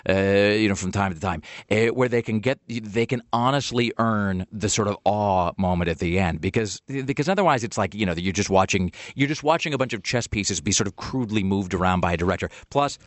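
A man's voice: on the low side, fairly quick, hardly any pauses, dry recording. A man hosting a radio show in casual chat, rambling and self-deprecating with lots of restarts. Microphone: studio microphone.

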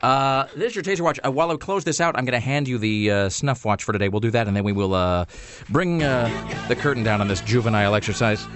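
A man's voice: mid-range voice, fast, soft background music. A man hosting a radio show, rambling through a story with lots of fillers in a casual banter style.

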